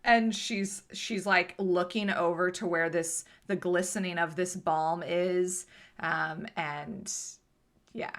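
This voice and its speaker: A woman's voice: fairly low pitch, steady tone, takes it slowly, a bit bright. A woman game master narrating a tabletop game casually, with many hesitations.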